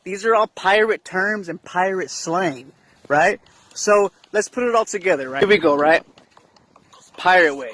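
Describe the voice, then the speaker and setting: High-voiced man, slow casual explainer. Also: fairly bright tone, slight background noise. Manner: keeps asking "right?" while explaining. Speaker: video commentator.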